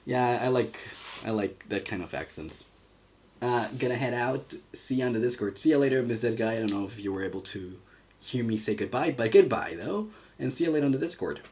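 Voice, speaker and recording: A man's voice: mid-range voice, lively intonation, brisk, darkish tone, a little hiss or hum. A man streaming his animation work, thinking aloud in casual commentary as he draws and reads the chat. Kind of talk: casual livestream commentary while drawing.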